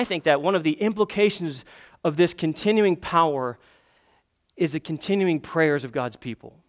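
A man's voice: a little high, moderate pace. A man preaching a sermon, building to emphatic, impassioned peaks and asking the congregation rhetorical questions. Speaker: pastor.

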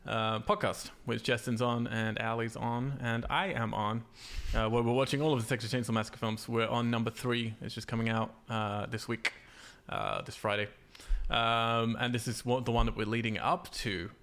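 A man's voice: medium pitch, moderate pace, creaky, few pauses, fairly bright tone. A man hosting a casual podcast about horror games and films, rambling with lots of filler words. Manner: rambling, lots of ums and uhs. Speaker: podcast host.

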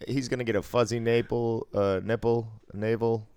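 A man's voice: medium pitch, level tone, moderate pace, a little mellow, clean tone. A man chatting casually on a podcast, telling stories with frequent laughs and swearing. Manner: laughing storyteller, swears freely. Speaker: podcast co-host. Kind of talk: casual chat.

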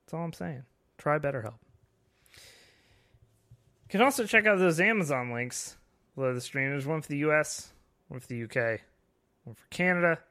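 A man's voice: a little high, animated, normal speed, pauses often, sharp tone. A man hosting a casual live-streamed podcast, joking, swearing and laughing often. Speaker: podcast host.

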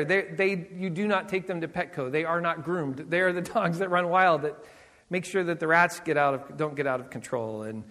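A middle-aged man, a senior pastor, preaching with personal stories, animated and acting out voices, laughing often. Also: high voice, long reverb tail. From Southern California.

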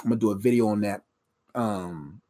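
Speaking fairly quickly in a very deep, dark-toned voice, a woman offers faith-based motivational preaching to the camera. The motivational speaker is emphatic and conversationally repetitive, laughing at her own jokes.

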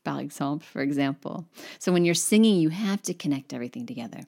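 A woman teaching French pronunciation to English speakers online, spelling words out letter by letter and slowing down to demonstrate. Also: sits low, animated, vocal fry. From English-speaking country.

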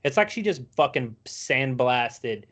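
A man in the middle of a loose podcast chat, profane and animated as he tells stories, his pitch settled in an ordinary middle register. He swears constantly and sounds easygoing. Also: slow pace. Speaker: podcast co-host. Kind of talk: casual chat.

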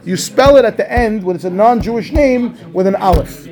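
A man, a rabbi, teaching a class on a scriptural text, asking questions and answering them himself in a lively way. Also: high voice, brisk. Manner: animated, asks and answers his own questions. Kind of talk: Torah class commentary.

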